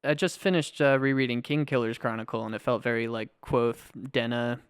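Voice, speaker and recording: A man co-hosting a movie podcast, chatting casually with short agreeing replies and halting restarts. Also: mid-range voice, fairly even intonation, clear, resonant tone, dry recording. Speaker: podcast co-host.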